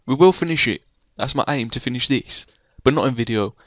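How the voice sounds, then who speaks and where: A man's voice: mid-range voice, lively intonation, fairly quick, no room sound. Rambling guy gaming. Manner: rambling, playful, teasing his co-player. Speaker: let's play gamer. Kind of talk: casual gameplay commentary.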